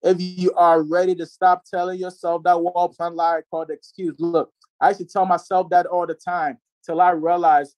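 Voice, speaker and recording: A man in his twenties giving a preachy, repetitive motivational sales pitch to listeners on a group call. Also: little pitch movement, normal speed, dry recording. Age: 20s. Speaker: network marketing presenter.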